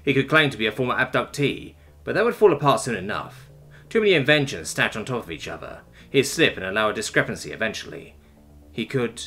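Male narrator for sci-fi fiction; breathy tone, animated storytelling. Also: fairly low pitch, fairly quick, soft background music.

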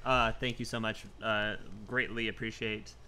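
A man in a casual live-stream chat, halting and heavy on fillers. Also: fairly low pitch, little pitch movement, sharp tone, slight background noise. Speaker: podcast co-host.

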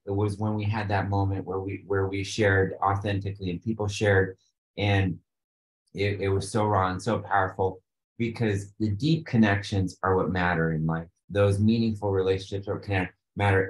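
A man's voice: lowish voice, reverberant, low-quality recording. A man being interviewed about an event he organized, talking in an earnest, enthusiastic, motivational way. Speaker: interview guest, retreat organizer. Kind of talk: casual interview.

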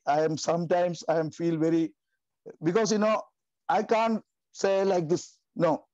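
A man in his fifties giving an emotional, passionate testimony in halting, repetitive phrasing. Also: high voice, mellow, dry recording, muffled recording. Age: 50s. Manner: passionate, repetitive, non-native grammar. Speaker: team member giving a testimony.

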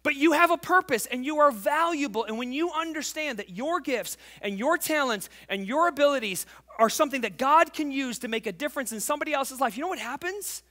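A man in his forties preaching a sermon as pastor, fervent and emphatic, telling a family story and dropping to quiet intimacy. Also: extremely high pitch, expressive, a little fast. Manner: tells a family story, acting out the voices.

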